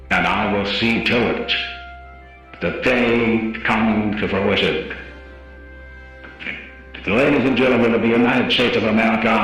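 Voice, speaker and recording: A man streamer voicing a pompous male emperor who makes a slow, solemn, grandiose speech. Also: lowish voice, fairly bright tone, voice pushed down. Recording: heavy echo, distant, over music.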